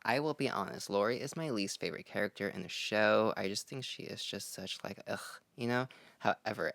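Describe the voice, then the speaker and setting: Chatty man with a gravelly voice. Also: mid-range voice, fairly bright tone, no room sound. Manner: chatty, gushing, playful asides. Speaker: fashion vlogger. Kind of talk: casual magazine review vlog.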